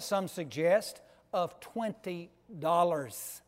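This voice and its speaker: A man preaching a sermon with slow, emphatic delivery, swinging between loud stressed words and soft low drops. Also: expressive. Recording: long echo of a large hall.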